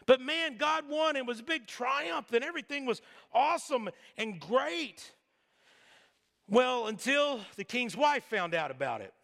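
A man's voice: extremely high pitch, expressive, a little slow, vocal fry, a bit bright. A middle-aged man preaching a sermon in a casual storytelling way, with jokes and asides. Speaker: pastor. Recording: long hall reverb.

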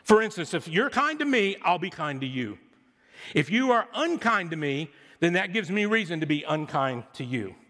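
A man's voice: high-pitched, sing-song, moderate pace, a bit bright. A middle-aged male pastor preaching a sermon in a loose, conversational way, with joking asides and sarcastic little impressions. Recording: long hall reverb.

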